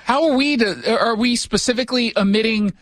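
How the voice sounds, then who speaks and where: Man, radio talk host, high voice, sarcastic jokes, dry close studio sound. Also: brisk, a bit bright, no room sound. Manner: sarcastic, joking asides. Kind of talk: casual opinion talk.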